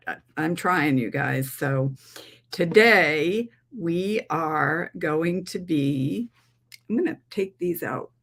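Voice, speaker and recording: A woman from New England who slips into a Southern accent, hosting a casual craft livestream and chatting with her viewers in a rambling way. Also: lowish voice. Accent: put-on Southern drawl.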